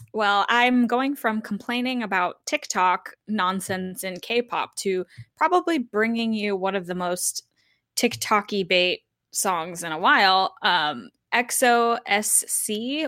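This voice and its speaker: A woman co-hosting a podcast in relaxed, chatty talk with fillers and light laughs. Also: medium pitch, no room sound, clean studio sound. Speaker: podcast co-host. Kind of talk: casual podcast chat.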